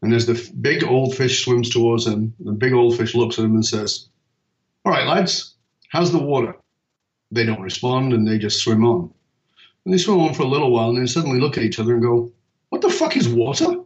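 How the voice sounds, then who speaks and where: In a conversational podcast, a purpose coach drives his points home through emphatic stories, swearing casually now and then. His ordinary-pitched male voice stays steady in tone and moves fast. The sound is roomy and echoey, a bit dull and muffled.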